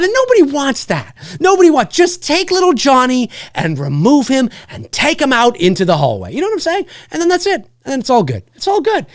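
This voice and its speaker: Animated man ranting on a livestream. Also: very high voice, fast talker, hardly any pauses, no echo, studio quality. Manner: animated, acts out scenes, swears. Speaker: live show host. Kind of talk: casual livestream rant.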